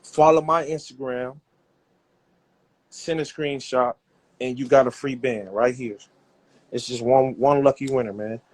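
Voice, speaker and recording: A man's voice: medium pitch, fairly even intonation, unhurried, pauses often. Man hyping a cash giveaway. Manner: loud, profane, repetitive hype talk. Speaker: rap label owner running a giveaway. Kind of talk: hyped social media livestream.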